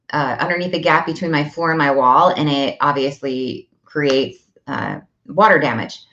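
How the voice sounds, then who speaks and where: Low-voiced chatty mom, lo-fi sound. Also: female voice, a bit bright, reverberant. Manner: chatty, acts out dialogue with her kids. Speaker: parenting podcast host. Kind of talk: casual chat. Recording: dull lo-fi audio.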